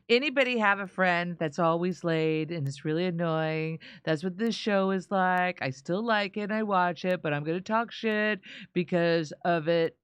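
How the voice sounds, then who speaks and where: A woman's voice: fairly low pitch, moderate pace, smooth, no echo. A woman co-hosting a livestream, reading viewer comments and names aloud in a playful, joking way. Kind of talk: reading live chat on a stream.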